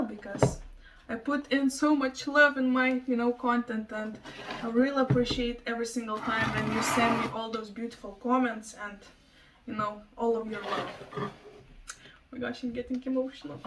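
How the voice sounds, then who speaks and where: A woman chatting excitedly in a casual home plant vlog, gushing over her plants and thanking viewers. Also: on the high side, moderate pace, distant mic, background noise. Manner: gushing, excitable, breaks into laughs. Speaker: plant vlogger. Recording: voice a bit off-mic.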